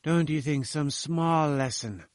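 A sly male inventor with a smooth, wheedling manner, read by a man. The voice sits a little high. The sound is dry and close. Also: takes it slowly, no room sound.

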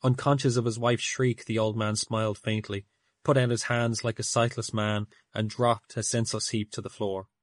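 A man narrating an audiobook in a measured storytelling manner. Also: lowish voice, little pitch movement, no echo. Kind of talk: audiobook reading.

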